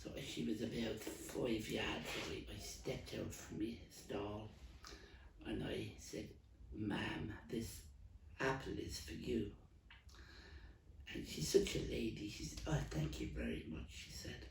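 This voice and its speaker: Older dublin market woman done by a man, gravelly smoker cough, rambling restarts, echoey and far off. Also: lowish voice, lively intonation, slow, slight background noise, exaggerated voice. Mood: gossipy. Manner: rambling, stumbling storyteller with many restarts. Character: elderly Dublin woman market stall trader, chatty, rambling. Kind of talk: comic character monologue. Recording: roomy, distant mic.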